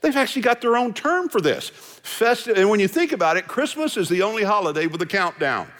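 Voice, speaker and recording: Lively man preaching in a hall. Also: high-pitched, fast talker. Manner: folksy, joking, animated delivery. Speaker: pastor. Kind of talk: sermon. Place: large hall with musicians. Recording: hall reverb from live service.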